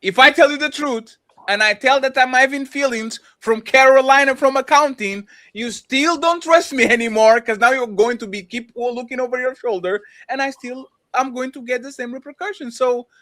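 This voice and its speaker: A man's voice: extremely high pitch, normal speed, bright, forceful tone. A man co-hosting a casual podcast, rambling through points and asking "you see what I'm saying?". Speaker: podcast co-host. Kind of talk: casual debate chat.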